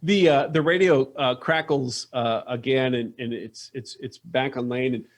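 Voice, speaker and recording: A man's voice: mid-range voice, fairly even intonation, a little slow. A man narrating a tabletop game as game master, hesitant and full of restarts. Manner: hesitant, many fillers and restarts.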